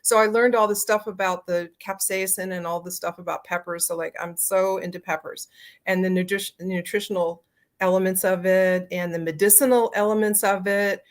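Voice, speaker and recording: A woman guest in an interview, telling family stories in a chatty, animated way with many fillers. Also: mid-range voice, normal speed. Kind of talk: casual storytelling.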